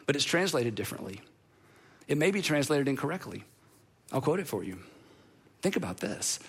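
A man's voice: medium pitch, big pitch swings, normal speed, long pauses, husky. A male pastor preaching a sermon in a conversational, playful way, with asides to the congregation.

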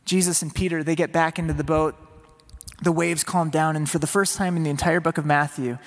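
A man's voice: a little high, flat delivery, fairly quick. A man preaching a sermon in an earnest, conversational way, sometimes acting out a pleading voice. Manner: earnest, voices Peter's inner plea in a raised pleading tone. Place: church. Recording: long hall reverb.

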